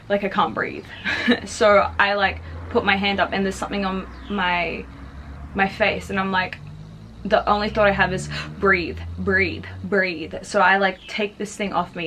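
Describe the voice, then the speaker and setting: A woman's voice: medium pitch, moderate pace, fairly bright tone, a little hiss or hum. A young adult woman vlogger casually telling a personal story, chatty and full of fillers. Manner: chatty, filler-heavy, frequently says "like".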